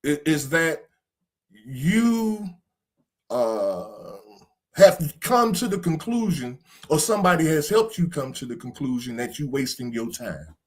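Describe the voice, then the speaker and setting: A man's voice: fairly high pitch, sing-song, a little slow. A man hosting a podcast discussion, talking in a preachy, casual way and swearing now and then. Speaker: podcast host.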